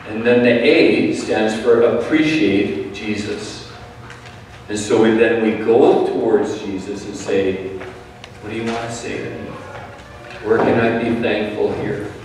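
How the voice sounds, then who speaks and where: A man preaching a sermon in a calm, measured way, often dropping his voice softly. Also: fairly low pitch, a little hiss or hum. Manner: calm, measured preaching with soft drops in volume. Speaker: pastor. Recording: echoey hall, speaker far from the mic.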